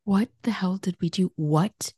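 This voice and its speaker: Brief: woman co-host, low voice, exclamatory and self-deprecating, dry close mic. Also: a little slow, mellow, slightly rough, no room sound. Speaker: podcast co-host. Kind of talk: casual chat.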